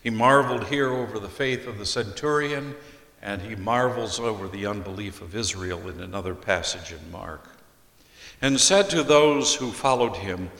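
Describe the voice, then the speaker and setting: A man preaching an expository sermon as a pastor, deliberately reading scripture aloud and explaining it. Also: fairly low pitch, fairly bright tone. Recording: echoey hall with long reverb.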